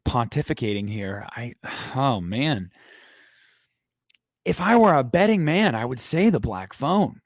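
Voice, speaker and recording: Guy hosting a movie news stream, rambly and crude, mid pitch, dry close sound. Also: no room sound. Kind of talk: casual livestream chat.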